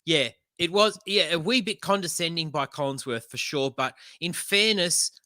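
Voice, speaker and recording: An Australian man hosting a casual sports chat, relaxed and hesitant as he tells a story. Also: fairly high pitch, normal speed, no room sound, studio quality. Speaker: podcast host.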